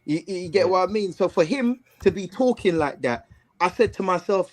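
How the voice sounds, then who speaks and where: A man chatting casually about football as a co-host, animated, full of slang and repeating himself. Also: high-pitched, moderate pace.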